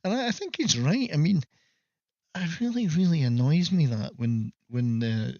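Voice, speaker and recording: A man's voice: fairly high pitch, expressive, normal speed, a little mellow, dry recording. A Scottish man hosting a casual livestream, rambling through stories with self-mocking jokes. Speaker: livestream host. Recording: slightly muffled, dry audio.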